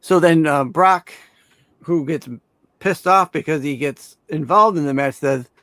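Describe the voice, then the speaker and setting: A man with a fairly high voice co-hosts a casual wrestling prediction chat. He sounds conversational and agreeable, often chiming in with brief replies. The sound is close and dry. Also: unhurried, bright, forceful tone, dry recording. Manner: conversational, agreeable, with short back-channel replies. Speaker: co-host.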